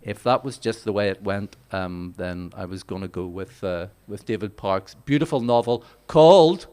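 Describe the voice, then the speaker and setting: A man's voice: lowish voice, moderate pace, darkish tone, clean tone. Rambling man. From Northern Ireland. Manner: rambling storyteller, many fillers. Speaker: novelist. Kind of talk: anecdote at a literary reading. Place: theatre stage.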